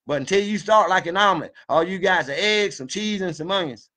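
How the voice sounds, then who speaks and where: A man's voice: high voice, a little fast, sharp tone. A man giving a fired-up, preachy monologue, folksy and full of swearing. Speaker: video commentator. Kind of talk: impassioned monologue.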